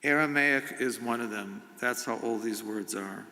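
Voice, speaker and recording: A man's voice: medium pitch, moderate pace, sharp tone. A middle-aged man, a rabbi giving an informal sermon in a synagogue, speaking conversationally with humor and asides. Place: synagogue sanctuary. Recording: long reverb of a sanctuary.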